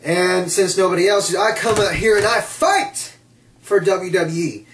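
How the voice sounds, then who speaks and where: A man's voice: high voice, lively intonation, a little slow, fairly bright tone, far from the mic, a little hiss or hum, full character voice. A man doing a mocking impression of a boastful male wrestler, hamming up the bragging. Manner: over-the-top, self-mocking boasting. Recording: echoey room, off mic.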